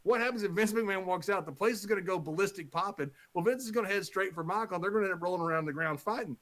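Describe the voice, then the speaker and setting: A man's voice: high-pitched, racing, a bit bright. A man, a former wrestling color commentator, telling a story on a podcast and laughing often.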